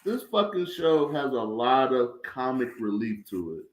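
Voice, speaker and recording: A man's voice: medium pitch, animated, unhurried, echoey room, a little hiss or hum. A man co-hosting a casual TV review chat, blunt and full of swearing. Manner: blunt and profane. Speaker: podcast co-host.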